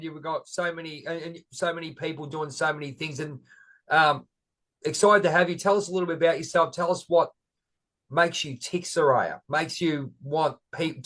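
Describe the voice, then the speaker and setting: A man's voice: on the high side, fairly even intonation, a little fast, fairly bright tone. A middle-aged Australian man hosting a casual interview, chatty and self-deprecating, rambling with fillers. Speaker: podcast host.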